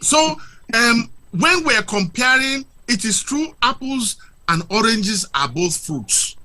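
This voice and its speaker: Male guest, very bright and high, swooping pitch, lectures with rhetorical questions. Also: animated, takes it slowly. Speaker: guest speaker. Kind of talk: impassioned argument on a talk show.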